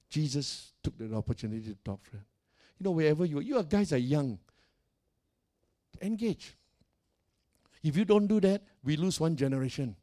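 A man's voice: medium pitch, animated, normal speed, long pauses, mellow. A male pastor preaching a sermon, emphatic and repetitive, putting direct questions to his congregation.

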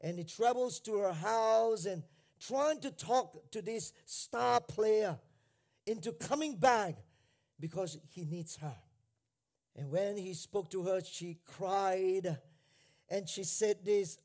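A male pastor preaches a sermon in a high voice at a slow pace. He repeats phrases for emphasis and swings between hushed lines and shouted ones.

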